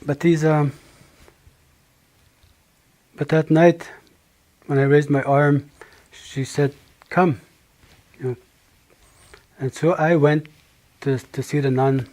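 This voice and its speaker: A middle-aged man from Manitoba giving a personal testimony, speaking slowly and haltingly with many pauses and restarts. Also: a little high, little pitch movement, a little mellow. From Manitoba, Canada. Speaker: speaker sharing his life story.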